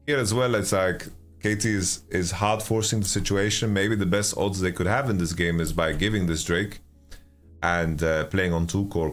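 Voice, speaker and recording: A man giving casual esports commentary on a stream, sleepy and yawning, with relaxed speech and stammering restarts as he answers chat. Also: sits low. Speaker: esports caster and analyst.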